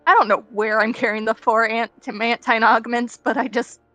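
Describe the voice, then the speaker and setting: A woman playing a tabletop game, playful and quick to laugh. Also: on the high side, little pitch movement, pushed and bright, dry recording, soft background music. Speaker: player. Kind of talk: casual tabletop play.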